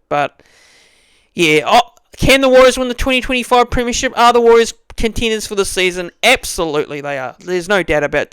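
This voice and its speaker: Young kiwi guy chatting about his team, high voice, super clean and dry sound, lots of "you know"s. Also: fairly bright tone, clear, resonant tone, no room sound. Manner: rambling, many restarts and "you know" fillers. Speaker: fan channel host. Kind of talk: casual fan review monologue.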